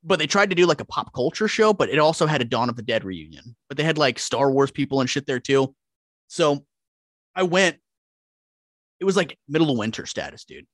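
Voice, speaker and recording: A man's voice: medium pitch, a little fast, no room sound. Profane storytelling man, dry sound. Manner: profane, animated, acts out quotes. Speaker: podcast guest. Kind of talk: casual chat, storytelling.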